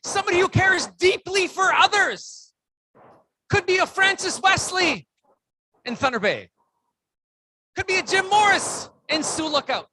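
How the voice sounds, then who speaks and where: A keynote speaker at a conference who leads the audience through call-and-response and counts, breaking into loud shouts to rouse them. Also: very high-pitched, animated, measured pace, long pauses. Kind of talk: motivational speech with audience participation. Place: conference room with a live audience.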